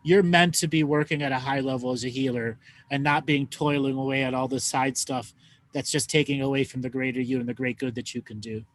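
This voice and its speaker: A man's voice: medium pitch, fairly even intonation, a little fast. A man hosting a live call-in show, giving callers direct advice and checking in with "okay?". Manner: direct, coaching, ends points with "okay?". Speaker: host.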